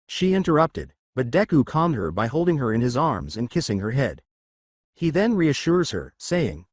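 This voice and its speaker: A man narrating a fan fiction story in an even storytelling manner. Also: medium pitch, moderate pace, no echo, studio quality. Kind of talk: fanfic story reading.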